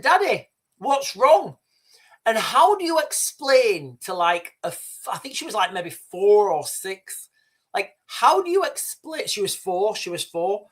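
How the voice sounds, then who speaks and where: A man hosting a livestream, delivering a heated political rant full of swearing, halting restarts and repeated words. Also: sits high, a bit bright. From United Kingdom. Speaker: livestream host.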